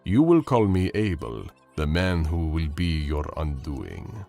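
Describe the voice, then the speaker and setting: A man voicing a menacing male barbarian swordsman who speaks with slow, measured menace. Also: rumbling low, very animated, gravelly, dark tone, faint music behind, full character voice.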